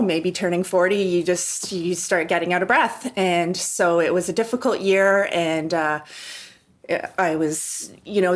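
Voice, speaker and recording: A Canadian woman in her forties telling her own story as a podcast guest, candid and conversational. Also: lowish voice. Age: 40s. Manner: candid, conversational, many restarts. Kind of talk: personal story in an interview.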